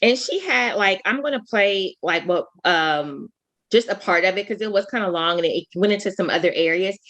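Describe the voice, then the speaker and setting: A woman's voice: medium pitch, moderate pace, fairly bright tone. A woman co-hosting a podcast in casual chat, talking straight to listeners with emphatic rhetorical questions. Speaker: podcast co-host.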